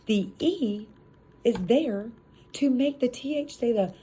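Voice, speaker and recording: A young woman teaching a phonics lesson, stretching out sounds with animated classroom praise, then chatting casually to other teachers. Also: a little high, takes it slowly, a little hiss or hum.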